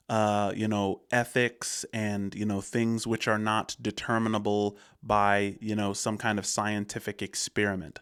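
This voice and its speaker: A man's voice: fairly low pitch, little pitch movement, unhurried, hardly any pauses, a bit bright, clear, resonant tone. An American man hosting a reaction video, talking through his thoughts in a casual, rambling way with restarts and fillers. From United States. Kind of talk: casual commentary on a clip.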